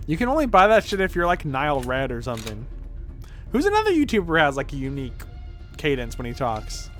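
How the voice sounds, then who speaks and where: A man's voice: on the high side, wildly swooping pitch, fast talker, fairly bright tone, soft background music. A man streaming as a vtuber, chatting casually and rambling through tangents with offhand swearing. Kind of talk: casual gameplay chat.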